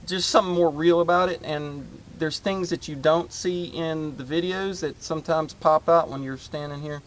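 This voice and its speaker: A man's voice: on the high side, steady tone, slight background noise. A man hosting his homestead channel, chatting casually outdoors in his garden and rambling with lots of fillers. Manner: rambling, halting with many fillers.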